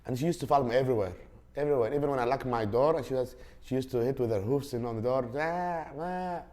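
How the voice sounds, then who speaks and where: A man's voice: medium pitch, fairly even intonation, very fast, darkish tone. Rambling man. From Saudi Arabia. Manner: rambling, with many fillers and restarts. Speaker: podcast host. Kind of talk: casual storytelling.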